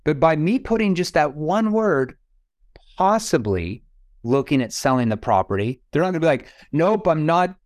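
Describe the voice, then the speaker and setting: A man's voice: fairly high pitch, animated, moderate pace, no room sound, studio quality. A man coaching on sales calls, explaining his phrasing and acting out calls with prospects. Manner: acts out phone calls with prospects; explanatory, asks rhetorical questions. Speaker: sales trainer. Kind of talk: sales coaching podcast talk.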